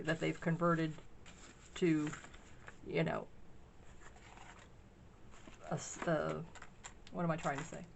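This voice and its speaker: Gushing, excitable woman showing a craft haul. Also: medium pitch, slight background noise. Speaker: craft shop owner sharing a haul. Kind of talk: casual haul vlog.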